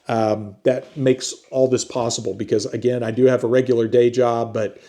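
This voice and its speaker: A relaxed man talking to his viewers from home in a loose, rambling way. His pitch sits at an ordinary middle level, and he speaks like he is chatting with friends rather than reading a script. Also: moderate pace. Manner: relaxed, rambling, conversational with slang like "dude". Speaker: book review channel host. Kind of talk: casual talking-to-camera vlog. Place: at home with a chiming antique clock.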